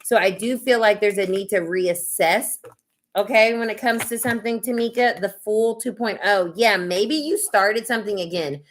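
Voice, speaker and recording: Woman doing tarot live, chatty, gushy, lots of "like" and "um", average pitch. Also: moderate pace, a little hiss or hum. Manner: chatty and effusive, filler-heavy. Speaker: tarot reader hosting live sessions. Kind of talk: casual live-stream tarot reading.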